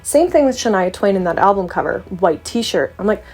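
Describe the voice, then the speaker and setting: Young canadian woman vlogging, goofy and jokey, mid pitch, faint music under her. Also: brisk, slightly rough. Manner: playful, joking, lively asides. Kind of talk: casual chat to camera.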